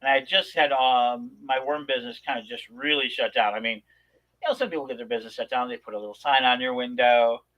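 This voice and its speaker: A man chatting casually on a talk show, spinning an animated personal story full of restarts and asides. His voice sits at an ordinary pitch. The recording is dull and lo-fi. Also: fast. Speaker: podcast co-host.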